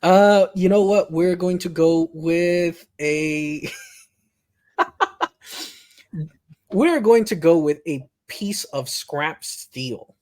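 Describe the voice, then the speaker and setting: A man running a tabletop game as game master, narrating in a relaxed, halting way. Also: fairly high pitch.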